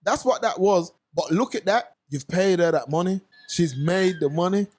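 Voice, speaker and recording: Young London male co-host, higher voice, lively slangy storyteller riffing on a podcast. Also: moderate pace. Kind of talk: casual commentary chat.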